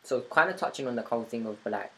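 A young man hosts a relaxed podcast interview. He talks earnestly and thoughtfully, building his points in long, flowing runs at a middling pitch. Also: fast, vocal fry, rough recording. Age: 20s. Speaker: podcast host. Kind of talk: casual interview chat.

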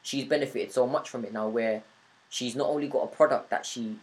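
A man's voice: mid-range voice, a little fast, darkish tone, rough recording. A man, hosting a podcast interview in a reflective, earnest way with long flowing points. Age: 20s. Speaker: podcast host. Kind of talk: casual interview chat.

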